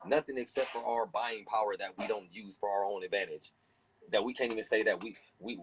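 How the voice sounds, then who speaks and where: A man hosting a heated casual discussion, animated and profane, preaching and acting out other people. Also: mid-range voice, husky, poor audio.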